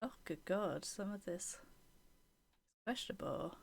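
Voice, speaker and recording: A woman's voice: mid-range voice, lively intonation, a little slow, vocal fry, breathy edge. Young British woman streamer, chatty and opinionated, casual game commentary. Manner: chatty, opinionated, trails off and restarts, bursts of indignation. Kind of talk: live-streamed commentary while playing.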